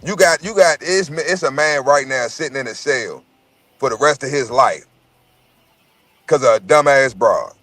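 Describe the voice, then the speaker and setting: A man's voice: medium pitch, moderate pace, fairly bright tone, dry recording. A man in casual chat, telling profane, rambling stories and repeating his words as he goes.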